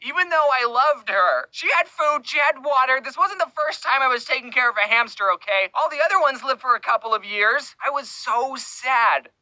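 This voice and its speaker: A young man narrating a comedic scripted story, jokey with deadpan asides. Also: extremely high pitch, normal speed, hardly any pauses, dry recording, poor audio. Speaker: animated storyteller.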